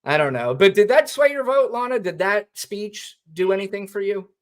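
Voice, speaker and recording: A man's voice: sits high, lively intonation, normal speed. Male co-host, political chat, cutting and profane. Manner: blunt, profane, sarcastic. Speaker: podcast co-host.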